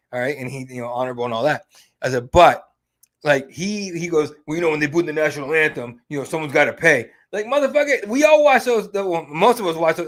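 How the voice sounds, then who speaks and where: Guy hosting a fight podcast, kinda high voice, swears a lot and gets animated. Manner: profane, animated storytelling. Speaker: podcast host. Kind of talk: casual podcast chat.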